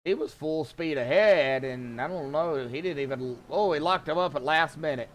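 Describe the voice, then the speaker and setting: A man calling sim race action as commentator, in a slow, drawn-out way with sudden excited outbursts. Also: a little high.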